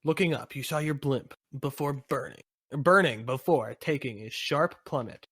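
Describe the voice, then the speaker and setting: A man's voice: mid-range voice, normal speed, a bit bright, breathy edge, dry recording, studio quality. A man co-hosting a podcast, narrating a fan fiction aloud in an amused, playful way. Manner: amused, breaks into laughter between lines.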